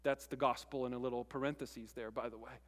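A man preaching a sermon in a casual, conversational way, stressing words with pauses between them. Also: medium pitch, steady tone, in a large hall. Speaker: pastor.

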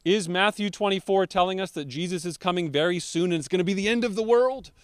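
A man preaching a sermon as pastor, slowing down to stress key words. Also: sits high, clear, resonant tone, dry recording, clean studio sound.

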